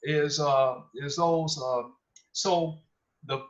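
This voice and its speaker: A man presenting at a gardening workshop, talking haltingly with many fillers and polite "yes ma'am"s. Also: fairly high pitch, fairly even intonation. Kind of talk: casual explanation. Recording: dull lo-fi audio.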